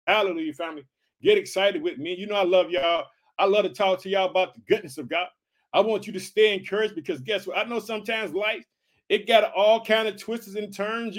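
Fervent high-voiced man preaching. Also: fairly bright tone. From Illinois, United States. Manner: fervent, repetitive calls of "guess what" and "hallelujah". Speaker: podcast preacher. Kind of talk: energetic podcast sermon.

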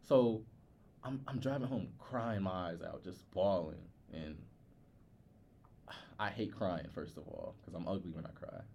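A young man, a podcast co-host, telling a personal story in a candid, halting way with many filler words. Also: low-pitched, gravelly, a little mellow, slight background noise.

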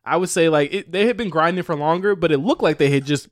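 A man's voice: fairly high pitch, fast, dry recording, clean studio sound. A man co-hosting a podcast, chatting and arguing casually, laughing often and restarting his sentences. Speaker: podcast co-host. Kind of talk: casual debate chat.

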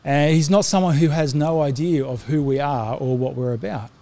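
A man's voice: on the high side, steady tone, normal speed, dark tone. A middle-aged man preaching a sermon to his congregation, earnest, often restarting his sentences with fillers. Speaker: pastor.

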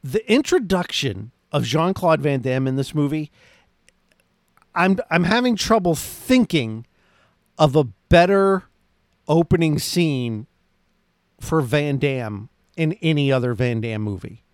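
Casting: male podcast host, slightly higher voice, loose excited movie recap, dry booth sound. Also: slow, no echo. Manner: rambling, enthusiastic, lots of "like" and restarts.

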